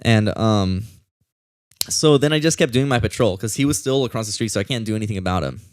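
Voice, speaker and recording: Young man, security guard, low smooth voice, rambling casual storytelling, dry close sound. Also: brisk, dry recording. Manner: rambling, filler-heavy retelling with acted-out quotes.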